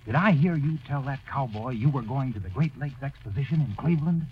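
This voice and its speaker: An actor playing a friendly announcer whispering a sales message in a 1930s radio comedy. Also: male voice, medium pitch, animated, brisk, lightly acted. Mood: hushed. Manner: hushed, conspiratorial. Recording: lo-fi old radio broadcast.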